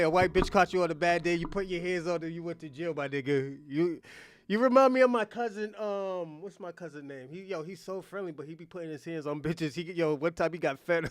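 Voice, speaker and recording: A man's voice: a little high, brisk, no echo. A man streaming his reaction to a talk show, laughing often and talking bluntly and crudely. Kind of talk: casual reaction commentary.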